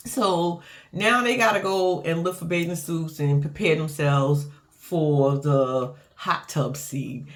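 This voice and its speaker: A woman recapping a reality show in casual, profane chat, laughing often and acting out what people said. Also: on the low side. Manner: animated, profane, laughs often, acts out quotes.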